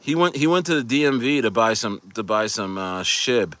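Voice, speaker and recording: Male streamer, hyped and rambling, bright tense tone, dry close-miked sound. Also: mid-range voice, lively intonation, normal speed, no echo. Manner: hyped, rambling, laughing often. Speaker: crypto livestream host. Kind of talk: casual livestream chat.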